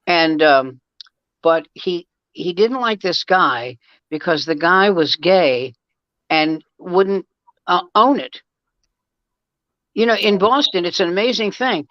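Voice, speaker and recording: A man's voice: high-pitched, slow, long pauses, no echo, highs cut off. A man, a guest comedian, telling rambling anecdotes in casual chat, with frequent restarts and acted-out quotes.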